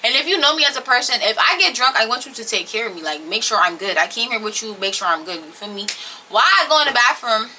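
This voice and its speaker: A young woman telling a story in a casual, blunt and profane way, animated as she retells what happened. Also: fairly high pitch, quick pace, slight background noise. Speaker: storytelling vlogger.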